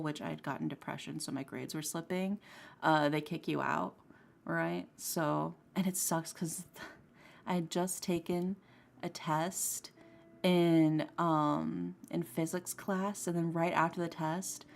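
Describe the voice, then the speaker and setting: A woman's voice: low voice, level tone, slow pace, gravelly. A young woman streaming as she draws, chatting casually and rambling through her story with lots of "like" and "um". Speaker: streaming artist. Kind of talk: casual chat while drawing. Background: soft lo-fi music.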